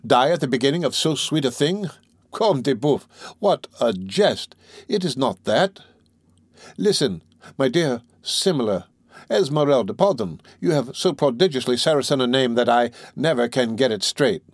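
A man's voice: medium pitch, expressive, normal speed, no room sound, studio quality, lightly acted. A man playing Phoebus, a swaggering captain. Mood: boastful. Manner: swaggering, grand declarations.

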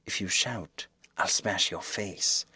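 A male narrator puts on a desperate invisible man with a low, dark voice. He bites off short commands and quiet threats. The sound is dry and close, with no room around it. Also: slow pace, breathy edge, no echo, exaggerated voice. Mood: menacing.

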